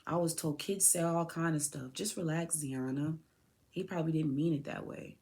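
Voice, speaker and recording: A woman's voice: deep voice, steady tone, moderate pace, darkish tone. A woman podcast host speaking directly to her son, raw, tearful and heartfelt. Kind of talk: emotional personal address to her son.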